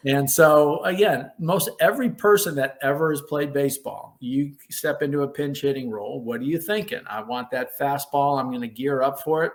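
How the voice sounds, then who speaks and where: A middle-aged American man sits as a podcast guest and spins a story from his playing days. He talks at an easy conversational pace, then pitches his voice way up to act out the shouts of coaches and his own excited replies. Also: moderate pace, hardly any pauses. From United States. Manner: animated storyteller who acts out quotes in a raised voice. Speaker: former baseball player, guest.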